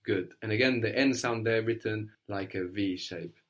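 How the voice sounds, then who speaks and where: A man's voice: on the low side, steady tone, normal speed. A man teaching a one-on-one language lesson, patiently prompting his student and explaining how words are built.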